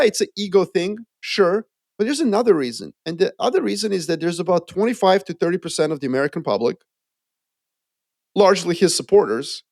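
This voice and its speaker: A man co-hosting a casual podcast, explaining his views in an animated way and acting out quotes. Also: sits high, no echo, clean studio sound. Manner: animated, acts out quoted voices. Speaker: podcast co-host. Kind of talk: casual geopolitical chat.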